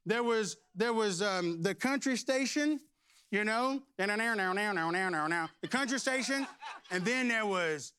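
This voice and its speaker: A middle-aged pastor preaches with energy and humor, sometimes breaking into shouts. His voice sits high for a man and has a bright edge. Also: very animated, moderate pace. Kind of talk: sermon.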